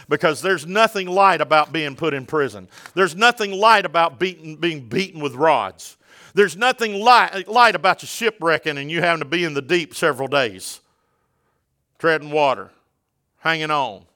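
Fiery preacher man, bright voice. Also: lively intonation, normal speed. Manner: preaching, rising in pitch and force as he builds; calls out to the congregation. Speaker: pastor. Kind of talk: sermon.

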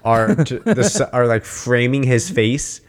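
A man's voice: mid-range voice, lively intonation, a little slow. Guy ranting about a movie with his buddy, swears a lot, keeps cracking up and doing the characters' lines. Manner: laughing, profane, acts out quoted lines. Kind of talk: casual movie-recap chat.

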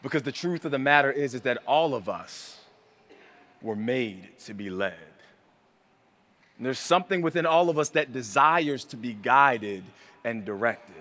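A man preaching a sermon as pastor, earnest and intimate, building from hushed, quiet passages to rising emphasis. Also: medium pitch, expressive, measured pace. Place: church hall. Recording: long hall reverb.

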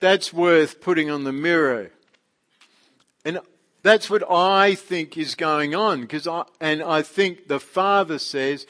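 A man preaching a casual sermon, animated and full of rhetorical questions. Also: on the high side, slow. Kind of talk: conversational sermon.

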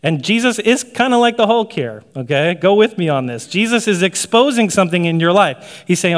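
A man delivers a sermon in a relaxed, talky way, checking in with his listeners and laughing lightly. His voice sits a touch higher than most men's. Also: brisk, few pauses. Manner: conversational preaching with frequent "right?" asides and light laughs. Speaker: pastor.

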